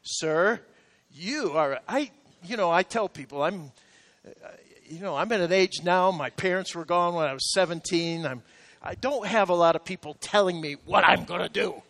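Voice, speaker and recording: A middle-aged man preaching a sermon, telling a personal story, swinging from quiet confessional asides to loud exclamations. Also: sits high, normal speed. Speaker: pastor. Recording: long hall reverb.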